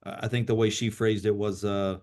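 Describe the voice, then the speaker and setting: A man's voice: on the low side, level tone, a little fast, a little mellow. A man hosting a team video call, telling motivational stories in a casual way, often restarting and repeating his words.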